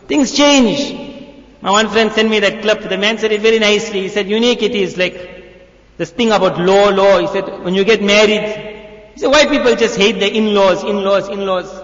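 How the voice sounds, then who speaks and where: A man giving a youth sermon as a molana, telling the story with animated asides and acted-out voices. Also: high-pitched. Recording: echoey hall, dull lo-fi audio.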